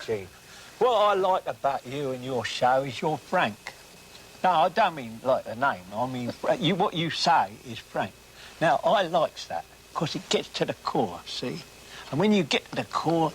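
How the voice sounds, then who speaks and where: A man's voice: a little high, big pitch swings, measured pace, pitched above the performer's own voice, rough recording. An actor putting on a blunt, folksy man with an old Cockney accent, on an old TV broadcast. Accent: Cockney (put on). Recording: old TV broadcast with faint hiss.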